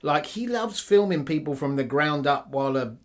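A man's voice: a little high, lively intonation, normal speed. A man co-hosting a casual film-review chat, who explains the plot in detail. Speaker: podcast co-host reviewing films.

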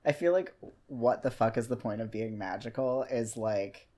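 A woman's voice: very deep voice, moderate pace, warm tone. A woman hosting a casual podcast chat, ranting animatedly, swearing freely and laughing often. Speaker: podcast host.

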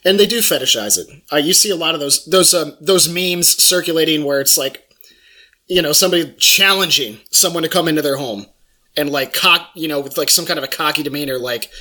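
A man co-hosting a casual chat, chuckling often and hedging with fillers. His voice is bright and slightly high. He talks in a loose, hesitant way. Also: a little fast.

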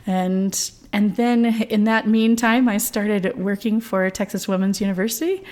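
A woman's voice: medium pitch, fairly even intonation, a little slow, a little mellow. Chatty woman voice teacher, laughs easily. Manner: chatty, laughs often, many fillers. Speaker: voice professor, guest. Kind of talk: conversational interview.

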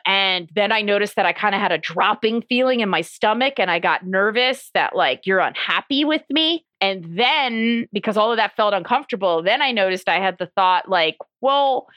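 A woman's voice: mid-range voice, lively intonation, normal speed, hardly any pauses, a bit bright, dry recording, dull audio. A woman speaking as a sexologist guest on an interview podcast, chatty and explaining, often saying "like" and laughing easily.

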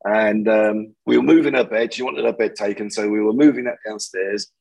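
Husky man telling stories. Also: on the low side, fairly even intonation, moderate pace, a little mellow, rough recording. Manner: chatty, laughs often, acts out voices in his anecdotes. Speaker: podcast guest, removals business owner. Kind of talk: casual storytelling chat.

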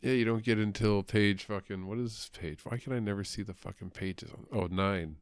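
A man with a low voice co-hosts a podcast in relaxed, profane chat, joking and laughing as he goes. The recording is dry and close, with no room sound. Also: fairly quick, clear, resonant tone, no echo. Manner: swearing, laughing, jokey. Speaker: podcast co-host. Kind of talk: casual chat.

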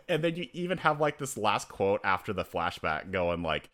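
A man co-hosting a podcast in casual chat, animated, acting out characters' lines and his own reactions and laughing often. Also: lowish voice, normal speed. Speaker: podcast co-host.

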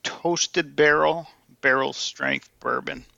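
A man's voice: medium pitch, steady tone, takes it slowly, creaky, bright, forceful tone, no room sound. A man co-hosting a casual podcast over drinks, making dry jokes with hesitant fillers. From Tennessee. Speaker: podcast co-host. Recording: dull lo-fi sound.

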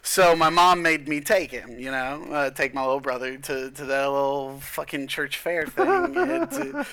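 A man's voice: on the high side, sing-song, a little slow, sharp tone. A young man telling a long story in casual chat, rambling and profane, full of fillers. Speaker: guest.

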